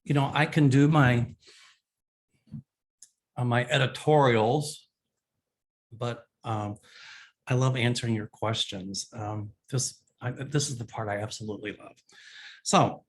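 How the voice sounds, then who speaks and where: Psychic guy answering viewer questions, rambly, lots of ums, mid-pitched voice. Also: fairly even intonation, measured pace, long pauses. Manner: rambling, many fillers. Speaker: psychic show host.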